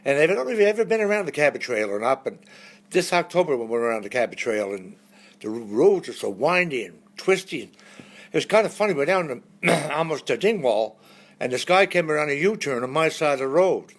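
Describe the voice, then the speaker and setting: A man's voice: a little high, fairly quick. A man, telling folksy jokes and stories between songs on a live stream. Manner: folksy storyteller, lively punchlines. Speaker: entertainer.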